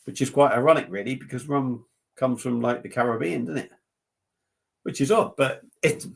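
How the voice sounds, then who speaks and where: A man in his fifties chats loosely on a live stream, drifting from topic to topic. He jokes, teases and swears freely in an easy, mid-pitched voice. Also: moderate pace, gravelly. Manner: joking, rambling, sweary banter. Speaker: beer review livestream host. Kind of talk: casual livestream chat.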